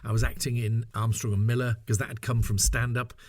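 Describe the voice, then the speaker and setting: A man's voice: mid-range voice, level tone, a little fast, a little mellow, no room sound. A middle-aged man telling stories in a casual interview, chatty and self-mocking, laughing often. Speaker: interview guest, voice actor. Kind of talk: casual anecdotal interview talk.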